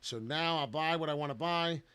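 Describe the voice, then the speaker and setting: A man giving brash, excited live commentary to viewers while trading crypto on charts. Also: a little high, moderate pace, clear, resonant tone, no room sound.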